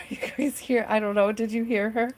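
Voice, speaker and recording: A woman's voice: fairly high pitch, fairly even intonation, normal speed, a little mellow. A middle-aged woman hosting a live tarot stream from home, chatting casually and reassuringly and often checking in with "right?".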